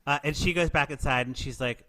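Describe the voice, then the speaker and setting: A man's voice: mid-range voice, fairly quick, pushed and bright. A man hosting a podcast, recapping a TV movie in casual chat, joking with many filler words. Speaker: podcast host.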